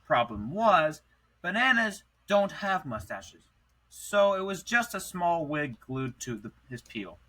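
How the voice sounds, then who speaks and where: A young man with a sharp, bright voice pitched a little high reads a goofy story aloud. He reads playfully, tripping over words and restarting them as he goes. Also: very animated, takes it slowly, rough recording. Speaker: podcast co-host. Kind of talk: reading a silly story aloud.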